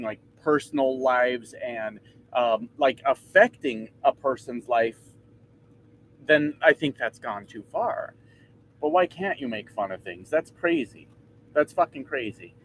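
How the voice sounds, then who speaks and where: A man's voice: fairly high pitch, slight background noise. A man in his thirties ranting casually and profanely to his vlog audience from inside his truck, mocking himself along the way. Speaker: trucker vlogger.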